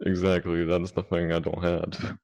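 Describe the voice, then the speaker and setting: Low, deep Mississippi man, easygoing guest, plain-spoken chat. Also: monotone, moderate pace, gravelly, darkish tone. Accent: Southern US, Mississippi. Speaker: guest, amateur voice actor. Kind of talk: casual chat. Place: virtual reality chat room.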